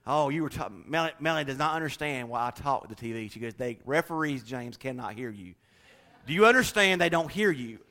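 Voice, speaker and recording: A man preaching a sermon to his church, swinging from hushed, intimate lines up to loud, rousing declarations. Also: on the high side, lively intonation, fast talker, few pauses. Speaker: pastor.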